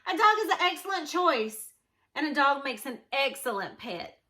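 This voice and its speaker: A woman reading a storybook aloud and voicing an eager male animal shelter keeper who keeps pitching odd pets in an upbeat, salesy way. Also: very animated, moderate pace, sharp tone, full character voice.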